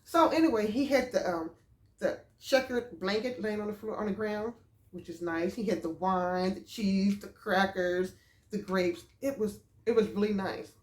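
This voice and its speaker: A woman telling a storytime vlog about a date, animated and exclaiming as she goes. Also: mid-range voice, normal speed. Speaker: vlogger. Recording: roomy echo.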